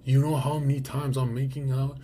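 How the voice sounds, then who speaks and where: A man hosting a livestream, talking in a brash, crude, casual way and sometimes dropping to a hushed whisper. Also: mid-range voice, little pitch movement, fairly quick, a little hiss or hum. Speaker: streamer host.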